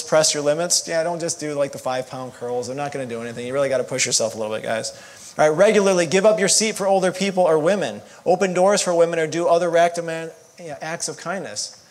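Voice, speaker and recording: A man co-teaching a church marriage class in a casual, joking way with self-deprecating asides. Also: fairly high pitch. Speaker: marriage counselor.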